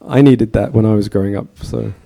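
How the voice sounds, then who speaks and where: Giving a temple talk, a man in his thirties tells stories sermon-style, chatting and asking the audience questions. His voice is on the low side, gravelly and dark, with a steady tone and a fairly quick pace.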